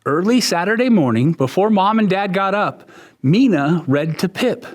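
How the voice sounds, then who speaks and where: A man, a museum educator, reading a children's picture book aloud in a museum exhibit, with expressive storytelling. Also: high voice, normal speed.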